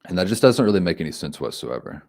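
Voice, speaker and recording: A man giving an informal Bible commentary, reflective and halting, thinking aloud with frequent restarts. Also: sits low, sing-song, vocal fry, a little mellow. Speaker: homily speaker.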